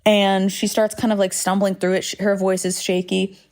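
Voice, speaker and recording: Her voice is medium-pitched and darkish, level in tone and at a normal speed. This thirty-something woman hosts a solo podcast from a home recording space with planes flying overhead, rambling candidly with swearing and self-deprecating remarks.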